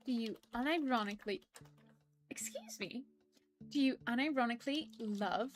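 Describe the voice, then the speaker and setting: A woman voicing a prim, polite persona who reads live-stream chat aloud and apologizes often. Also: on the high side. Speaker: stream co-host reading chat.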